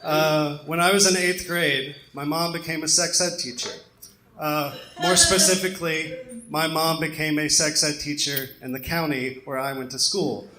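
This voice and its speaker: A young man from the American South does a self-deprecating stand-up set on a comedy club stage, peppering it with ums. His fairly high voice is pushed and bright, with fairly even intonation at a normal speed. The echoey club room carries crowd laughter and a little hiss or hum.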